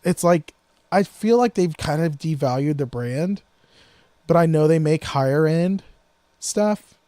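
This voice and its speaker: A man co-hosting a casual gear podcast, rambling through quick asides and frequent restarts. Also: fairly high pitch, lively intonation, mellow, no room sound. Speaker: podcast co-host. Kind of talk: casual gear-talk chat.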